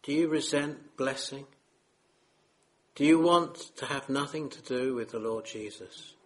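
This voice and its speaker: Male preacher, unhurried sermon, earnest pleading tone, mid-pitched. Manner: earnest, solemn, pleading with listeners.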